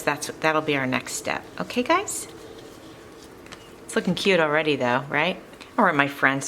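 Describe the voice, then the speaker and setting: A woman's voice: deep voice, fairly bright tone, a little hiss or hum, poor audio. A woman hosting a crafting tutorial, chatting in a casual, upbeat way and laughing now and then as she works. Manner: chatty, upbeat, laughs often while working. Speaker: craft video host.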